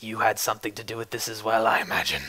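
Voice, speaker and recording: A man voicing a huge, menacing blacksmith with a low, muttering lilt. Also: steady tone, quick pace, sharp tone, poor audio. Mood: threatening.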